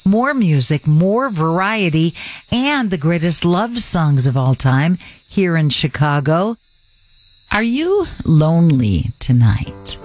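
A woman's voice: deep voice, very animated, slow pace, darkish tone. A woman hosting a late-night love-song radio show, speaking in an intimate, confiding and earnest way. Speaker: radio host.

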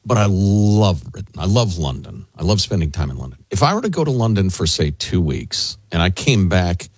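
Man, radio co-host, teasing and self-mocking, low voice with huge swings, husky, dry mic. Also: big pitch swings, normal speed, dry recording. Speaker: radio talk show co-host. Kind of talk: casual banter.

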